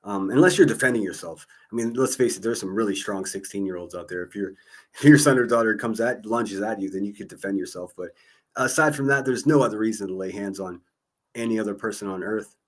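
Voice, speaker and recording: Guy hosting a call-in stream, lowish voice, chuckles a lot, trips over his words. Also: fairly quick. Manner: chatty, laughs often, stumbles over repeated words. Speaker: host of a call-in livestream. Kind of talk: casual call-in chat.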